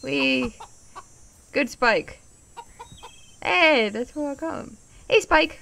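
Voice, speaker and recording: Excitable high-voiced young woman gamer. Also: slow pace, gravelly. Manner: excitable, swears, laughs, yelps at scares. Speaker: gaming YouTuber. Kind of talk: casual game commentary.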